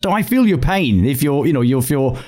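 A man co-hosting a casual podcast, telling an anecdote in an animated way. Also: medium pitch, fairly quick. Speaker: podcast co-host. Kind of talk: casual chat.

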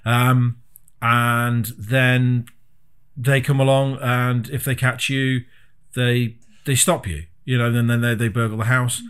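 A man with a middling voice rambles through a story about an old game. He swears freely and sounds exasperated, in relaxed, unscripted chat. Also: medium pitch, slow, smooth. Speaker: podcast co-host. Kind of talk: casual chat about retro video games.

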